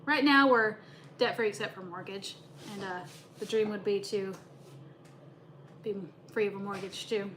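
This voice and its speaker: A young woman, hosting a casual livestream chat, talkative and quick to laugh as she greets viewers. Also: medium pitch, fairly even intonation, a bit bright, slight background noise. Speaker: livestream host.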